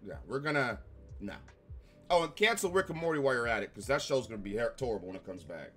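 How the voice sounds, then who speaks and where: A man's voice: mid-range voice, expressive, rapid-fire, fairly bright tone. A slightly ill man reviewing shows online, ranting angrily with heavy profanity and repetition. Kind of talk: angry commentary rant.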